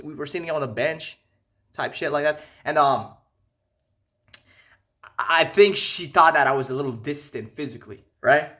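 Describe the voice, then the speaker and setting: A young man telling a casual, profane storytime rant, animated and incredulous. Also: fairly high pitch. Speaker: vlogger.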